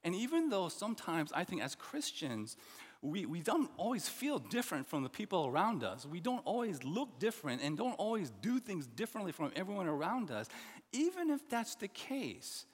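A middle-aged man preaching a sermon as pastor, earnest and animated, with many restarts and asides. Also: high voice, normal speed, breathy edge. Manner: animated, earnest, with frequent restarts and "you know". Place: church sanctuary. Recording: long hall reverb.

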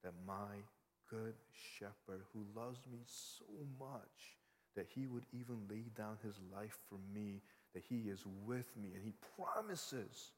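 A man's voice: on the low side, slight background noise. A man preaching a sermon in an earnest, conversational way, often checking in with "right?". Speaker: pastor. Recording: long hall reverb.

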